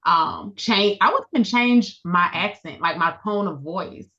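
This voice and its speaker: Woman w light southern accent, bright voice, animated, muffled lo-fi sound. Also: mid-range voice, a little slow. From US Midwest. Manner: animated storyteller, laughs often, acts out quotes. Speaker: podcast co-host. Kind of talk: casual chat. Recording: dull lo-fi audio.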